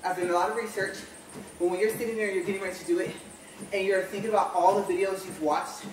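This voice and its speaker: A woman's voice: medium pitch, steady tone, fast, a little hiss or hum. A woman vlogging casually while walking on a treadmill, out of breath and rambling as she corrects herself. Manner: rambling, self-correcting chatter. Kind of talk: casual walk-and-talk vlog. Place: home room on a treadmill. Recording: roomy, distant home recording.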